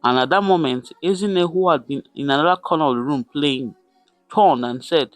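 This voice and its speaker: Guy telling a folktale, high lively voice, dry close sound. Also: moderate pace, no room sound, faint music behind. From Nigeria. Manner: dramatic, repeats words for effect. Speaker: storyteller. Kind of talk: folktale narration.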